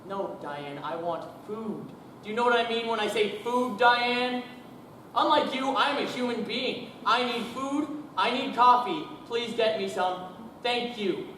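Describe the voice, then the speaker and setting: A man's voice: extremely high pitch, unhurried, a bit bright, slight background noise. A young man playing a hot-tempered, bullying boss who rants and sneers down the phone during a humorous speech performance. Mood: blustering. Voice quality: ranting, bullying, sarcastic. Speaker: speech competition contestant. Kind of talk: humorous interpretation monologue. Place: school auditorium. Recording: echoey hall from far off.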